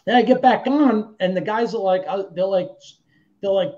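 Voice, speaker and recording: Man telling a story, heated and swearing, voice high for a man, muffled lo-fi audio. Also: normal speed, a little mellow. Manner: heated, profane, quotes himself and others. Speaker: guest actor. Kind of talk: casual storytelling.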